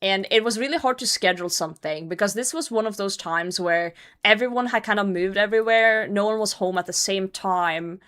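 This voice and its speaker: A young adult woman telling a story to her stream chat in a casual, animated way, swearing freely and sometimes trailing off into mumbles. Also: mid-range voice, brisk, few pauses. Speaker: livestreamer.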